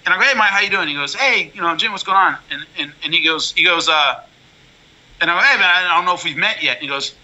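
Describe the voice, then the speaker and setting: Man, high bright voice, rapid, blunt storyteller, casual interview guest. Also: low-quality recording. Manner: blunt, animated storytelling with frequent restarts. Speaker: MMA color commentator, guest.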